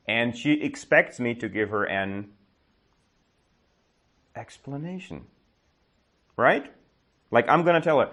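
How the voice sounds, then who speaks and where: A man teaching English tells a story to a class in a slow, exaggerated way, pausing for quick questions to check their understanding. His mid-range voice is expressive and fairly bright.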